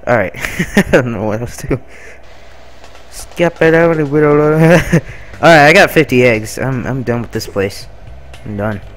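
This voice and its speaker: A man's voice: medium pitch, animated, a little slow, fairly bright tone. A young man giving laid-back, giggly gameplay commentary with swearing and silly asides. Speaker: let's play gamer.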